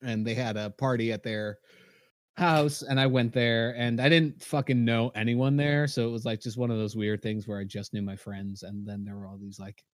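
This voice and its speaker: A man in his twenties co-hosting a podcast, telling animated, profane anecdotes in casual chat. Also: mid-range voice, normal speed, no room sound. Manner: animated, profane storyteller who acts out quotes. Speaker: podcast co-host.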